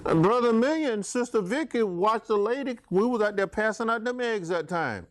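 A man's voice: high-pitched, expressive, moderate pace. A middle-aged man preaching an interactive Bible study, telling stories and chatting back and forth with his congregation.

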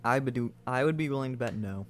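A man in a casual podcast chat, delivering dry, deadpan jokes. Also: medium pitch, fast, faint music behind.

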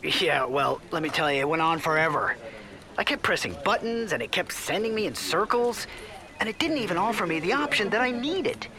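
A woman's voice: on the low side, very animated, brisk, crowd noise, pitched below the performer's own voice. A woman voicing an exasperated male caller, frustrated and complaining.

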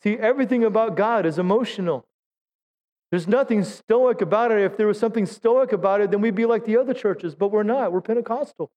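High-voiced man preaching with fervor. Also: fairly quick, darkish tone. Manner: exhorting, calls for audience response; self-deprecating humor. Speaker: pastor. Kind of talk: Pentecostal sermon. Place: church sanctuary.

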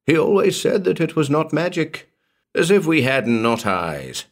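A grieving village tailor in a weird-tale reading, mournful and gossipy, as a male narrator puts him on. The voice rises higher than the reader's own and leans hard on each lament. Slow, heavy delivery. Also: big pitch swings, exaggerated voice.

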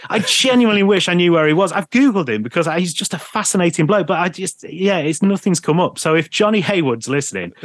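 A man's voice: high voice, fast talker, few pauses, no echo. Chatty English man telling stories. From England. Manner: lively storyteller, laughs often. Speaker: podcast guest, radio presenter. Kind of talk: casual anecdotal chat.

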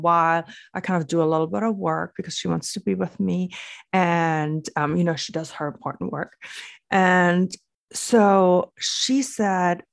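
A woman's voice: fairly low pitch, creaky, dry recording, clean studio sound. A woman podcast host and aesthetic doctor giving an earnest, affirming monologue from her home office desk over a video call. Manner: earnest, affirming, slow and deliberate. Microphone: video call recording.

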